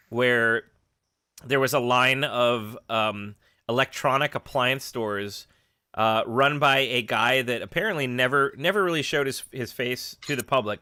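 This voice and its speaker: A man's voice: medium pitch, bright, forceful tone, smooth, no echo, clean studio sound. A man in a band's live stream, telling a chatty story and laughing often in casual talk. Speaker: band member on a live stream. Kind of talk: casual chat.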